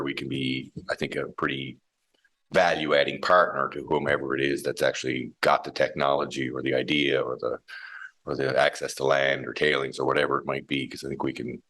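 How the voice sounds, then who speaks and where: Very deep-voiced man, bright tone. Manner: thoughtful, frequent restarts and fillers. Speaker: mining company CEO, interview guest. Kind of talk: conversational interview.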